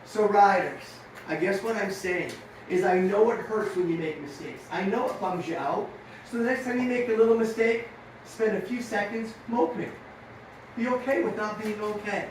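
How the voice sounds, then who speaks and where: A middle-aged man giving an energetic motivational talk to young riders as their coach, telling stories and acting out the dialogue. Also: high voice, moderate pace, a little hiss or hum. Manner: energetic, storytelling, acts out dialogue. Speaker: riding coach. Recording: echoey room, far from mic.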